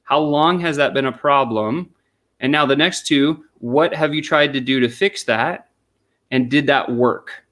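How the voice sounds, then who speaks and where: In a conversational interview, a sales consultant guest walks through a sales method step by step, acting out sample questions and answers. His voice is medium-pitched and fairly bright, and he speaks without hurrying.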